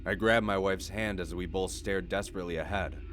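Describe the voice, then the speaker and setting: Deep-voiced man narrating a horror story. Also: a little hiss or hum. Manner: measured, steady storytelling delivery. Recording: faint background music.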